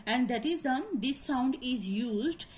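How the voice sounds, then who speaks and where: A woman's voice: high-pitched, animated, slow, a little mellow, slight background noise, low-quality recording. A woman teacher with an Indian English accent, explaining grammar in a lecture and checking that students follow. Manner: explanatory, repeats points and asks "is it clear?". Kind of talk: classroom lecture.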